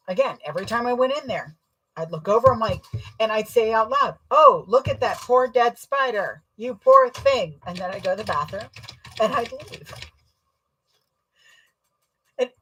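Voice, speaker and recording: A young adult woman chatting casually while sewing, telling rambling, self-deprecating stories with a husky voice. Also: fairly high pitch, big pitch swings, normal speed, rough recording. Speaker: sewing vlogger.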